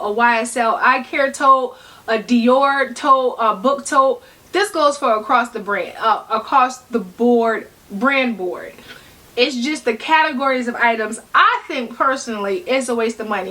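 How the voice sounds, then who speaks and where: A woman's voice: a little high, a little slow, bright, forceful tone, rough recording. A middle-aged woman, chatting bluntly and playfully to camera about handbags. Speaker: handbag vlogger. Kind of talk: casual chat to camera.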